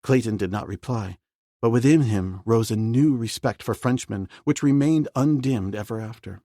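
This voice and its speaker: A man reading a novel aloud as an audiobook narrator, in a steady, measured way. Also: mid-range voice, no room sound, clean studio sound.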